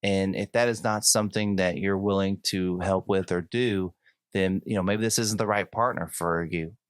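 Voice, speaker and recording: A low-voiced man hosting a podcast and talking like a coach, working through fillers and false starts before his advice lands. The sound is dry and close, with no room around it. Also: steady tone, dry recording. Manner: halting, many fillers and restarts before advising. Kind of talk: casual conversation, giving advice.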